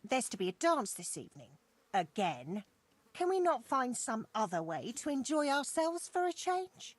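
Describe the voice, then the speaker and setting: A woman's voice: sits high, sing-song, moderate pace, dry recording. An actress voicing a bored village woman in a video game, complaining wearily. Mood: fed up. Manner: weary complaining.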